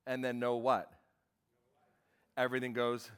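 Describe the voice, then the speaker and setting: A man preaching a sermon to a church congregation, emphatic and animated, asking the listeners questions and waiting for their answers. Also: mid-range voice, measured pace, clear, resonant tone. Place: church service.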